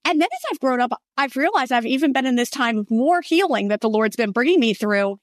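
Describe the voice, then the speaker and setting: Earnest woman author, higher voice. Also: expressive, a little fast, no echo, studio quality. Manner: earnest, heartfelt storytelling. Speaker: author guest. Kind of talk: conversational faith interview.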